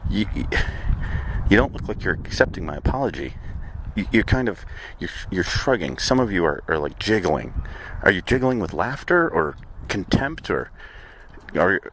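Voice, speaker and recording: A man hosting a comedic audio journal, rambling in a halting, apologetic way with frequent stammers and restarts. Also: low-pitched, noisy background. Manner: apologetic, halting, stammering, with sudden sung outbursts. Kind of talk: rambling deadpan comedic monologue.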